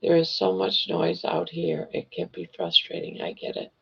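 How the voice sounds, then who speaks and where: An older woman hosting a casual livestream chat, reading viewer comments in a gentle, reassuring way while hoarse from losing her voice. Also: a bass voice, very animated, normal speed, a little hiss or hum. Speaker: livestream host. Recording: dull lo-fi livestream audio.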